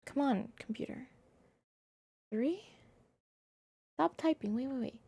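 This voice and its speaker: A young woman streaming a game live, chatting with viewers in an excitable, playfully indignant way that jumps into squeals. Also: sits high, slow pace, vocal fry, slightly rough, dry recording.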